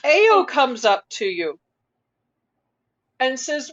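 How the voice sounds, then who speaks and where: Lady game master, high voice, easygoing narration, kinda muffled recording. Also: measured pace. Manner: relaxed, patient narration with fillers.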